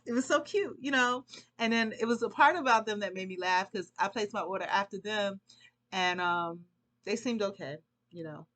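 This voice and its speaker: A woman's voice: mid-range voice, moderate pace, fairly bright tone. A woman vlogging, telling a long casual story in a rambling, chatty way and laughing often.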